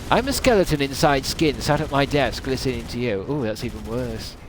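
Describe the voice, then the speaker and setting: A man's voice: mid-range voice, fairly quick, over music. A male game streamer chatting at his desk at home, rambling with self-mocking jokey asides as he signs off. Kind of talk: casual stream sign-off chat.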